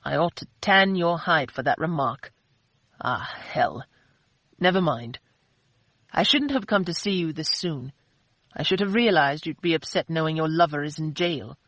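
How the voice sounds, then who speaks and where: A woman narrator voicing a gruff, brooding man nursing a hangover, given to blustering outbursts. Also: low-pitched, normal speed, a bit bright, dry recording. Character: gruff, brooding hungover man, quick to anger.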